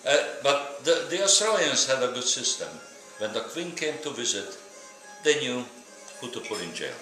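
A man's voice: medium pitch, lively intonation, moderate pace. A man telling long jokes at a holiday dinner table, rambling with lots of fillers. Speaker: dinner guest telling stories. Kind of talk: casual dinner-table storytelling. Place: home dining room during a holiday dinner. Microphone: handheld camcorder at the table. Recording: echoey room with music behind.

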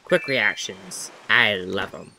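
A man's voice: low-pitched, slow, vocal fry, sharp tone, soft background music. A man giving casual let's-play commentary, chatty and rambling as he talks to himself while playing.

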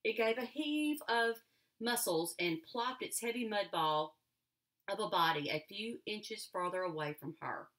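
A woman teacher reading a novel aloud to her class in an expressive storytelling manner. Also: mid-range voice, a little slow. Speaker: elementary school teacher.

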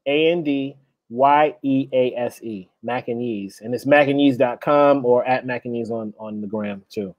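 A man talking as a guest chef in a relaxed, loose chat, often trailing off and restarting his sentences. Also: medium pitch, normal speed, no room sound, highs cut off. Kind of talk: casual chat.

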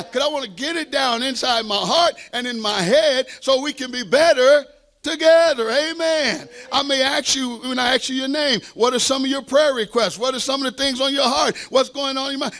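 A man's voice: very high-pitched, sharp tone. A man pastor preaching a sermon with fervent delivery, call-and-response asides and playful self-deprecating humor.

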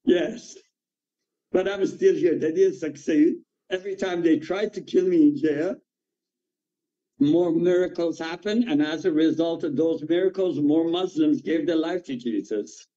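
Animated man telling his testimony. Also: on the high side, a little slow, highs cut off. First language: Farsi. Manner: animated storytelling, acting out dialogue. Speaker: pastor giving his testimony. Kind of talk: personal testimony in an interview.

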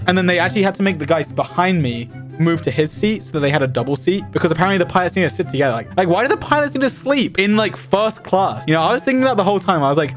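A young man with a slightly high voice tells a story casually and keeps tumbling through "like" fillers. He sounds indignant and amused at once. Soft music plays faintly behind him. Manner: rambling, with frequent "like" fillers. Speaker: streamer. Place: home streaming setup.

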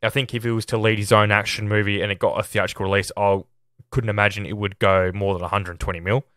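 A man with a lowish, level voice talks at a quick pace with a fairly bright tone, recorded dry with clean studio sound. He hosts a film podcast, casually chatting and offering opinions on a movie in a chatty, opinionated monologue, often starting with "look."

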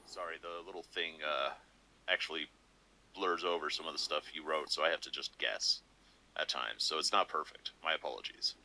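A man with a damaged, hoarse voice, casually reading requested lines for his vlog and apologizing when he stumbles. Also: steady tone, moderate pace, bright, forceful tone, a little hiss or hum, poor audio. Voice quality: deep and gravelly. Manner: apologetic, stops to clear his throat. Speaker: channel host.

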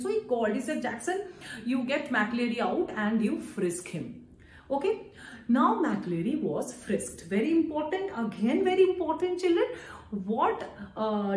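A woman's voice: a little high, darkish tone, echoey room. A woman with an Indian accent teaching an English chapter to students, switching between English and Hindi and stressing key points. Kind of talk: explaining a school chapter.

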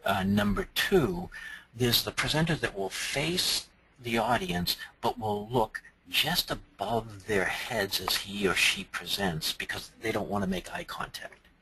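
A man from Massachusetts giving a conference talk as a presentation trainer, animated and strongly inflected. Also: mid-range voice, a little slow, creaky, a little hiss or hum, low-quality recording.

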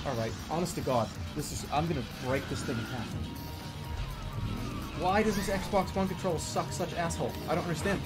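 A man's voice: on the high side, a little fast. A man streaming a game, talking through it in an exasperated, swearing way, laughing at how broken it is. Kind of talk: gameplay commentary. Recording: loud game music behind.

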